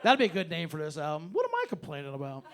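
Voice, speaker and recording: A man's voice: fairly high pitch, wildly swooping pitch, rapid-fire, crowd noise, noisy background. A man doing a stand-up set in a club, ranting sarcastically and swearing freely. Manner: loose, profane, sarcastic ranting. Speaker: stand-up comedian. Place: comedy club stage.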